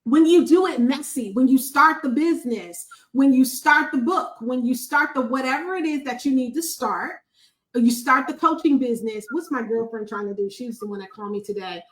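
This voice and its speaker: A woman from Buffalo hosting a podcast, sharing a heartfelt testimony in an animated, emphatic way with a preacher-like cadence. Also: high-pitched, normal speed, rough recording. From Buffalo, New York, USA. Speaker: podcast host.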